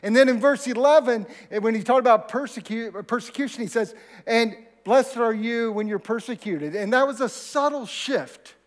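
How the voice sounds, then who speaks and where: Man, pastor, sermon, high voice, conversational, questions to the congregation, church hall reverb. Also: moderate pace. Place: church sanctuary.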